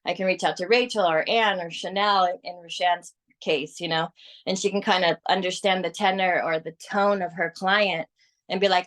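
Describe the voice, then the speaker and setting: A woman's voice: on the low side, moderate pace. A woman coaching her sales team on a group call, talking with energy and persuasion. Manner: energetic, persuasive, acts out quoted clients.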